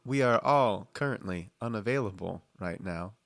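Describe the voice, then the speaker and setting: A polite hive-mind operator picks up the line with a formal, answering-machine greeting, as a man puts it on. The voice is bright and forceful, a touch low, and recorded close and dry. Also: normal speed, creaky, no room sound. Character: hive-mind phone answerer at a ministry office.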